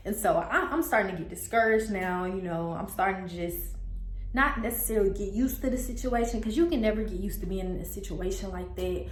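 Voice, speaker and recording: A young woman recounting a personal story in a casual storytime vlog. Her delivery is animated, with sudden high jumps in pitch when she quotes others. The room adds a noticeable echo. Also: brisk. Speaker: storyteller vlogger. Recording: echoey room.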